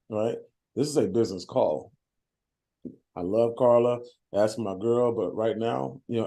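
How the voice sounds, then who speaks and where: A man hosts a group call and gives sales training. He talks in an emphatic, conversational way and repeats himself. His voice is warm and mellow, at a middle pitch.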